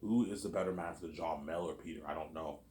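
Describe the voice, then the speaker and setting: A man's voice: a bass voice, quick pace, a little mellow, slight background noise. A man hosting a casual, rambling commentary, repeating the same filler phrases again and again. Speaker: host. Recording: roomy echo.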